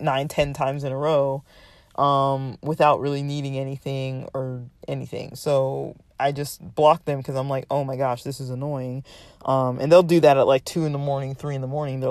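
A man's voice: mid-range voice, a little mellow, no echo. A man telling a long, rambling story in a casual monologue, full of "like" and "um", sounding exasperated. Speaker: vlogger ranting about a roommate.

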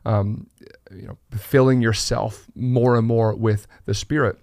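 A man's voice: lowish voice, fairly even intonation, a little slow, creaky, a little mellow, no echo, studio quality. A man co-hosting a church podcast, talking earnestly with many fillers and restarts. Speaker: pastor, podcast co-host. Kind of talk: conversational church podcast discussion.

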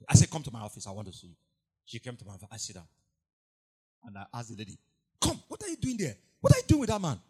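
Animated preacher, wide pitch swings. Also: male voice. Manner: animated storytelling, acts out quoted voices, swings from hushed to shouted. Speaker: pastor. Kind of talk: sermon.

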